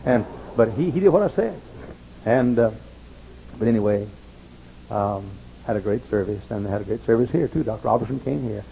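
An older male pastor delivers a storytelling sermon, his voice gravelly and worn. He leaps into high voices for the people he quotes. A faint hiss sits under the recording. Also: animated, moderate pace, pauses often, mellow, poor audio.

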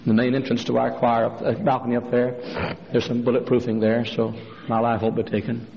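Gravelly preacher in a big hall. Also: male voice, monotone, brisk. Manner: fiery preacher, jumps to a high strained voice for quoted women. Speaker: pastor. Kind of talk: sermon with acted-out stories. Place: large church. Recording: dull, hall reverb, faint noise.

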